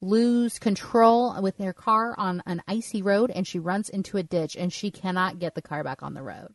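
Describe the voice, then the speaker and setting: A chatty woman co-hosts a podcast, telling stories in a relaxed way. She laughs easily. The sound is dry, and her voice sits a little back from the mic. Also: mid-range voice, moderate pace, no echo, distant mic. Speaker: podcast co-host. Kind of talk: casual podcast chat.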